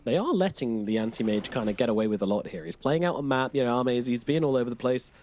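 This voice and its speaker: A man calling live esports play-by-play in a broadcast booth, reacting quickly and excitedly to the action. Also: medium pitch.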